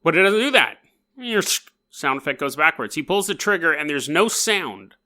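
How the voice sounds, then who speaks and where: A man's voice: a little high, normal speed. A man hosting a podcast, retelling a strange story with jokes and acted-out quotes. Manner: jokey, animated, acts out quotes. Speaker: podcast host. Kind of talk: comedic storytelling.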